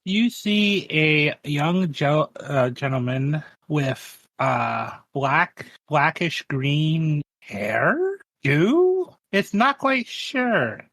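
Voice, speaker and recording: A man playing a tabletop game, describing his character in a rambling, halting, cinematic way. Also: on the high side, big pitch swings, a bit bright, no room sound. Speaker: player. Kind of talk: casual tabletop game chat.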